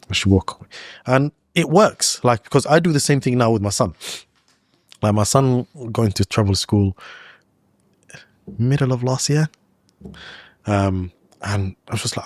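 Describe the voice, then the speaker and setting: A man's voice: medium pitch, measured pace, pauses often, dry recording, studio quality. A man speaking as a guest in a podcast interview, telling a personal story in a loose, chatty way full of "like" and "you know".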